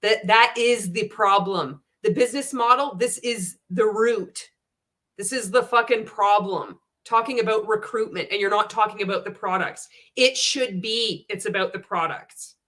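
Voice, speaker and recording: A woman talks loosely to her live-stream audience, reading out comments and reacting as she goes. She is blunt and swears freely, with quick laughs between her points. Her voice sits at an ordinary middle pitch. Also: a bit bright. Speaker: anti-MLM commentator.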